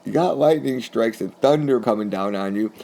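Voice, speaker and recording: A man from New England recounts a personal story in loose, rambling, conversational speech. His voice has a gravelly, creaky grain, and he chuckles often while telling it. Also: mid-range voice, moderate pace, warm tone. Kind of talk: casual spoken anecdote.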